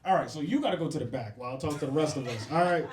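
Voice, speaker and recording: Rapid-fire and animated, a young male comic with a fairly high, darkish voice runs through a profane set on a comedy club stage. He plays off the audience and laughs at his own jokes. The roomy club recording carries slight background noise.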